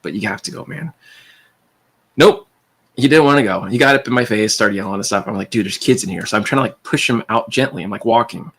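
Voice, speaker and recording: A man hosting a livestream, rambling through animated anecdotes and quoting people in his stories. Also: on the low side, quick pace, slightly rough. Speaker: livestream host. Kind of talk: casual storytelling chat.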